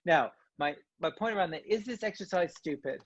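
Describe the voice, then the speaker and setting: Brief: male workshop speaker, jokey and encouraging, slightly husky voice, dull dry video-call sound. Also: sits high, brisk, no room sound. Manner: lively, joking, coaxing the audience. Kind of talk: online conference talk.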